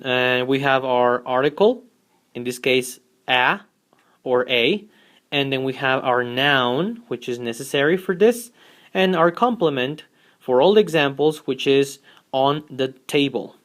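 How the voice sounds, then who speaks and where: Slow, careful English teacher, man. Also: on the high side, a bit bright. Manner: slow, careful, repeats each example sentence twice. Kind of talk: slow grammar lesson with repeated examples.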